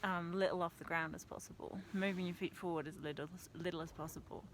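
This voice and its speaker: A woman's voice: lowish voice, steady tone, fast talker, a little hiss or hum. A young woman talking casually and reflectively outdoors on a mountain trail, laughing often at herself. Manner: chatty, laughs often, self-deprecating. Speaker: vlogger.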